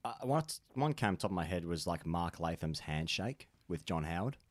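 Deep-voiced offhand co-host. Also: male voice, expressive, normal speed. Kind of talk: comedic podcast chat.

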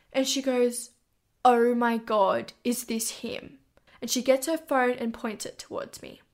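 A woman, hosting and telling a personal story in a candid, swear-heavy, animated way. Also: a little high. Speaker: podcast host. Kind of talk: casual storytelling.

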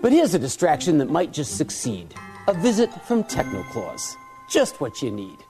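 Man doing a Technoclaus, semi-Brooklyn accent, high pitched, rhyming verse. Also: wildly swooping pitch, normal speed, dark tone, soft background music. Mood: jaunty. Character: gift-giving Technoclaus, man, Brooklyn-tinged, jolly rhymer.

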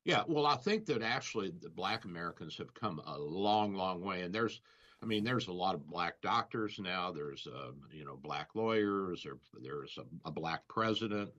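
A man with a low, bright voice hosts a radio health show, rambling through anecdotes with a chuckle. His pitch swings widely as he talks. The audio is dull and lo-fi. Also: animated, normal speed. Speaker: radio show host, doctor. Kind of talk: casual radio banter.

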